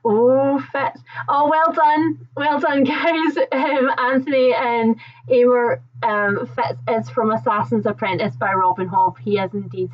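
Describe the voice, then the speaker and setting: A woman with a softened Scottish accent hosting a casual book livestream, chatting warmly with viewers, reading out their comments and laughing often. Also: on the high side, fairly even intonation, unhurried, highs cut off. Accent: Scottish, toned down. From Scotland. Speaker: book channel host.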